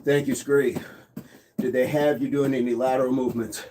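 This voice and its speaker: Man at a medium pitch, hosting a live workout and greeting chat by name, with a faint hiss behind him. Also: level tone, normal speed. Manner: counts reps aloud, greets viewers by name. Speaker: fitness livestream host.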